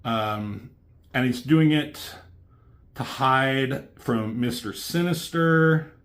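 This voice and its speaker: A man talks through a comic book in a loose, rambling way, dropping fillers and the odd swear. His voice sits at an ordinary middle pitch. It is a relaxed, unscripted review. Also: extremely slow.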